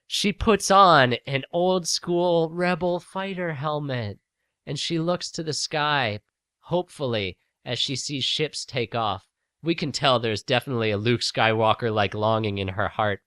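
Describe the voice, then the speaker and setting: Bright giggly narrating man. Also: mid-range voice, a little slow, smooth, dry recording, studio quality. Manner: giggly, narrates with bursts of laughter. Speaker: podcast co-host narrating the parody. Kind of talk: comedic scene narration.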